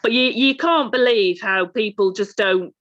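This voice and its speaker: A woman with a Lancashire accent talks easily about her work, chatty and quick to laugh. Her voice sits at a middle pitch. It comes through a dull, lo-fi video call. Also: a bit bright. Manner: chatty, laughs between points. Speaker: actor guest. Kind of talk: casual chat on a video call.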